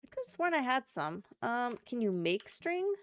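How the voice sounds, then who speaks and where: A woman's voice: a little high, sing-song, unhurried. A woman streamer chatting casually and thinking aloud while playing a game. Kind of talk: casual live-stream chat while gaming.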